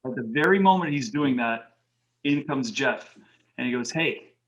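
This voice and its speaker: A man as a podcast guest, telling lively anecdotes in casual talk and acting out the people in them. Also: medium pitch, normal speed, lo-fi sound. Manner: animated anecdotes with quoted voices. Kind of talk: casual storytelling interview.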